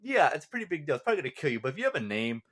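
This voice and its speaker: A man's voice: on the high side, sing-song, rapid-fire, fairly bright tone. A man hosting a casual spoken review of a comic chapter, laid-back and chuckling often, with plenty of fillers. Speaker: manga review channel host.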